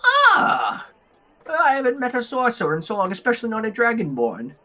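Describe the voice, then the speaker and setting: A man voicing a small, fussy elf woman who talks in a high, flustered flutter in a tabletop game. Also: huge pitch swings, moderate pace, sharp tone, full character voice. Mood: eager.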